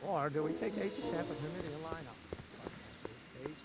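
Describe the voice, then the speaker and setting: An actor playing a high-strung young male scientist in a video game, muttering equations to himself. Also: moderate pace, heavy background noise, close to an everyday voice. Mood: puzzled. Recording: game audio over loud music.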